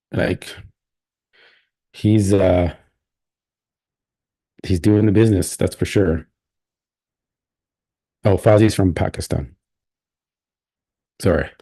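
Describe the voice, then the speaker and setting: Low, dark-voiced male stream host. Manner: rambling and opinionated, many restarts. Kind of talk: casual live stream commentary.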